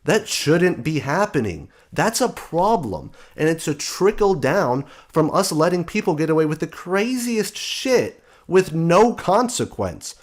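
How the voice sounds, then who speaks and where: A man's voice: a little high, big pitch swings, unhurried, hardly any pauses. A man hosting a show, delivering a blunt, sarcastic opinion monologue. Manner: blunt, sarcastic, mocking quoted voices. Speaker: podcast host.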